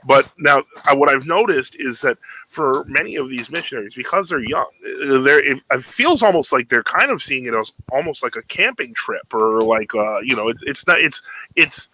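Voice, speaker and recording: A man's voice: medium pitch, lively intonation, normal speed, bright, forceful tone, dry recording, low-quality recording. A man from Brooklyn with a New York accent, hosting a casual interview and telling stories with frequent laughter and restarts. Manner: rambling, laughs often, many restarts. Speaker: podcast host.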